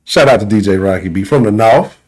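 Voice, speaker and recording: A man with a Houston accent hosting a call-in sports talk show, laid-back and slangy, often trailing off quietly. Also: fairly low pitch, brisk. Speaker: sports talk radio host. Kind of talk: casual call-in show chat.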